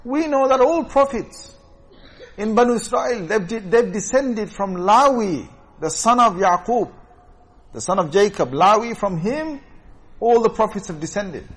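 A man's voice: sits high, lively intonation, measured pace, a bit bright, breathy edge, pitched above the performer's own voice, exaggerated voice. A man voicing a group of complaining ancient Israelite men, in a raised, protesting tone. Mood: indignant.

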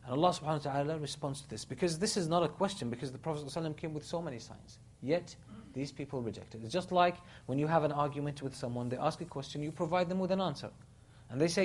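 A man giving a sermon, retelling a story with animated, dramatic quotes of the people in it. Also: fairly high pitch, fast talker, few pauses, a little hiss or hum. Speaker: Islamic preacher.

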